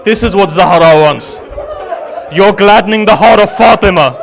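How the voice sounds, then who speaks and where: A man's voice: sits high, normal speed, vocal fry, a faint crowd. A man delivering an emotional religious sermon, telling a story dramatically with rhetorical questions to his audience. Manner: dramatic storytelling, voice swinging from loud to hushed. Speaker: Shia religious speaker. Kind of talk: emotional majlis sermon narration.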